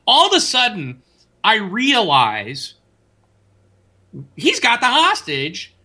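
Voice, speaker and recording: A man with a very bright, ringing voice, pitched a little above most men, chatting casually on a home desk mic. He tells gaming stories with lots of animation, jumping up in pitch as he acts out the yelling. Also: takes it slowly. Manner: animated storyteller, voice rising high when retelling yelling. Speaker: podcast co-host. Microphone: desk mic, loosely mounted.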